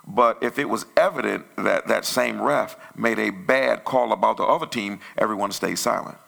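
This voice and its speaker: A male pastor telling a story in a conversational sermon that grows loud and animated. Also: lowish voice, moderate pace, creaky. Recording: church sermon audio.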